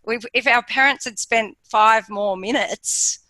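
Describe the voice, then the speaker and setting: A woman's voice: on the high side, measured pace, bright, forceful tone, no room sound, rough recording. A woman hosting an interview, affirming her guest with frequent agreement. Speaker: podcast host. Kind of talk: casual conversational interview.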